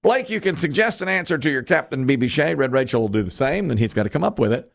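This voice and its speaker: A male game show host calls out answers and chats with the contestants. His delivery is upbeat, and his pitch swings widely. He has a medium-pitched voice. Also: expressive, quick pace, vocal fry. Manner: upbeat, chatty, reads clues aloud.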